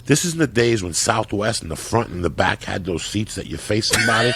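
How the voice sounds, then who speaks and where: A man who is a podcast guest, telling loud, profane stories in casual chat. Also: lowish voice, lively intonation, brisk, gravelly, very noisy.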